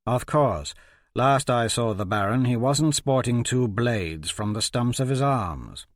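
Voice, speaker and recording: A man's voice: medium pitch, lively intonation, measured pace, no room sound, lightly acted. A man voicing a cold, sneering male assassin with a dry, assured delivery.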